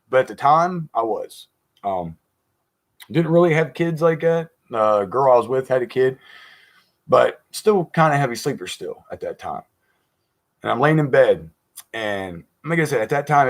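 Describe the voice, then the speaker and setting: Brief: man, mid-pitched, loose rambling storyteller, live-chat guest, laughs as he goes. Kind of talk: casual storytelling on a live stream.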